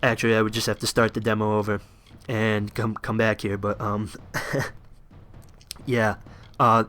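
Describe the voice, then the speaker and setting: A man's voice: lowish voice, little pitch movement, unhurried, bright, forceful tone. A young man giving casual, rambling commentary over his gameplay, enthusiastic and full of fillers, shivering a little from the cold.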